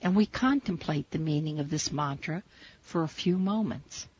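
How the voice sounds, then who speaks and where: A woman teaching a spiritual meditation, guiding listeners in slow, measured, soothing instructions. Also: deep voice, a little mellow, breathy edge. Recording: dull lo-fi recording.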